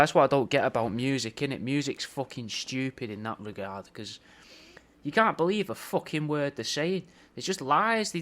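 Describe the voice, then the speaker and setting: A man's voice: medium pitch, a bit bright. A young man in a casual, rambling monologue, swearing often and ending his lines with "mate" and "bro". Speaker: podcast host recording paid video messages.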